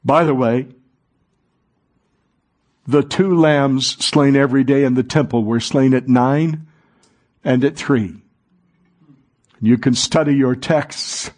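Slow, husky male preacher. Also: medium pitch. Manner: dramatic, swings from hushed to rising fervor. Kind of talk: sermon.

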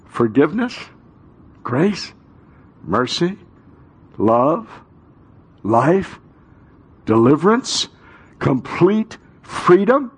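A male pastor preaching a sermon with call-and-response, reading Scripture and rising to shouts. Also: fairly high pitch, sing-song, extremely slow, pauses often, slightly rough.

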